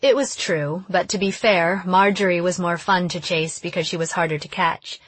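A woman reading a first-person audiobook in an even, steady storytelling voice. Her voice sits somewhat low, recorded close and dry with no room sound. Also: moderate pace, husky, dry recording. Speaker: audiobook narrator.

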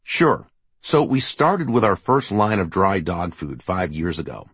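A male narrator voicing a nervous, slightly defensive entrepreneur pitching his business in an audiobook. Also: animated, measured pace, a bit bright, breathy edge, no echo, heavily acted. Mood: rehearsed.

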